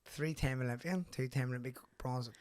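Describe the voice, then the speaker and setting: A man's voice: mid-range voice, fairly quick, a little mellow. A man with a thick Belfast accent hosting a podcast, telling stories in a loose, swearing, laughing way. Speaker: podcast host. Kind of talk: casual chat.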